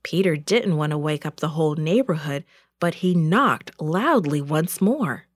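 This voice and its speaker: A woman storyteller reads a children's Bible story clearly and expressively. Her voice rises and falls widely at a slow, deliberate pace, recorded close and dry. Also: low voice, expressive, dry recording.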